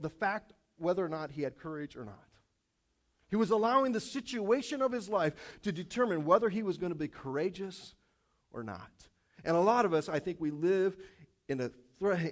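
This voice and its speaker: A man preaching a sermon to his congregation, animated and repetitive, dropping light self-aware jokes along the way. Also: high voice. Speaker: pastor.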